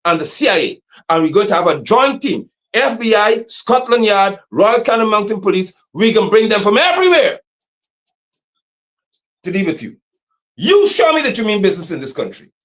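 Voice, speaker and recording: Fiery high-voiced man. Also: big pitch swings, normal speed. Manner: fiery, preaching, repeating slogans, sometimes shouting. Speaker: activist commentator. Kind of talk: impassioned livestream commentary.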